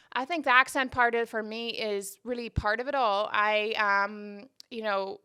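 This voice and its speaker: Woman, from Northern Ireland, faint Northern Irish in a Canadian accent, clear smooth tone, close mic, casual reflective podcast talk. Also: fairly high pitch, steady tone, moderate pace, few pauses, sharp tone. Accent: Canadian with traces of Northern Irish. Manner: candid and reflective, with frequent restarts. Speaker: podcast host. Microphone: close microphone.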